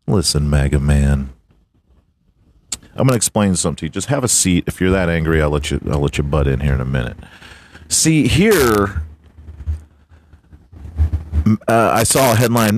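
A male podcast host delivers a profane comedic rant in a low voice. His pitch rises and falls a lot, and his talk is blunt and full of swearing. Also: big pitch swings, moderate pace, long pauses. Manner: foul-mouthed, blunt, ranting.

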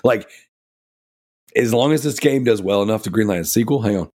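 A man chats loosely on a gaming podcast, his voice sitting a little low. He rambles with plenty of fillers and gets enthusiastic as he talks. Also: normal speed, darkish tone. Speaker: podcast co-host. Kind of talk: casual gaming podcast chat.

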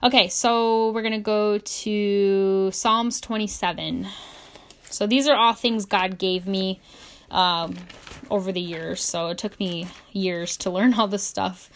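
A young woman giving a casual, earnest Bible teaching, full of fillers, slowing down when she reads verses aloud. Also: medium pitch, a little hiss or hum. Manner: conversational and earnest, many "like" and "um" fillers; reads scripture slowly and deliberately. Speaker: Christian YouTuber teaching on the Bible.

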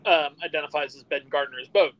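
A man's voice: fairly high pitch, a little fast, a bit bright, low-quality recording. A man in casual movie chat, retelling a scene with many fillers. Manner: rambling, filler-heavy retelling. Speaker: podcast co-host.

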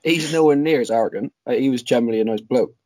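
A young man, rambling quickly through a casual anecdote on a podcast. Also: mid-range voice, darkish tone. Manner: rapid, rambling, swears casually. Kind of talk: casual chat, telling an anecdote.

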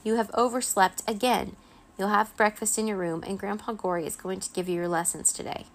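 A woman's voice: fairly even intonation, fairly quick, natural voice. A woman voicing a stern vampire mother who scolds and screeches, in a children's storybook reading. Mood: scolding. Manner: shrill, scolding, theatrical.

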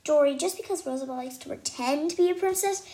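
A woman's voice: high voice, fast, mellow, natural voice. A woman voicing a tired, no-nonsense mother who speaks in a firm, matter-of-fact way, in a storybook reading.

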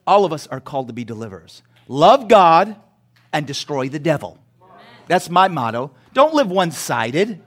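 A man preaching a sermon as pastor, asking the congregation to repeat words after him and building to shouts. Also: on the high side, very animated, normal speed. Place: church sanctuary.

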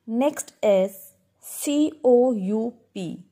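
A woman's voice: medium pitch, slow, dark tone. A woman teaching schoolchildren how to pronounce words, spelling each one out letter by letter and repeating it with a patient, instructive manner. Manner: instructive, addresses class directly. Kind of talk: pronunciation lesson for schoolchildren.

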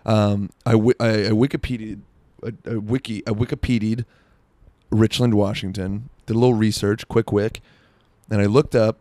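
A man's voice: on the low side, fairly even intonation, normal speed, dark tone, no echo. A young man from South Florida, riffing through a crude, rambling comedic monologue full of "like" and restarts. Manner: rambling, crude, self-interrupting with lots of "like".

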